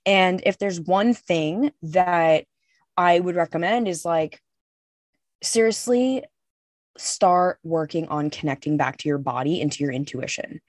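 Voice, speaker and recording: A woman's voice: on the low side, expressive, a little slow, dry recording. Candid, emphatic young woman on a podcast. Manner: candid and emphatic, swears freely. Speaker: podcast co-host. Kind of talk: casual podcast chat.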